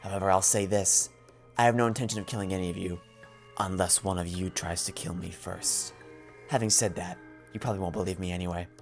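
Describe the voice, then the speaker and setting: A man voicing a guarded teenage girl assassin, speaking flat, curt and withdrawn. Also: low-pitched, fairly quick, faint music behind. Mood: cold.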